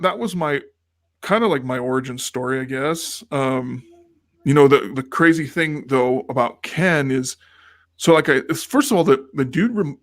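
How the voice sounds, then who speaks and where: A man's voice: medium pitch, fairly bright tone, no echo, studio quality. A man co-hosting a podcast in casual chat, telling a rambling story and acting out the quoted lines of the people in it. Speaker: podcast co-host.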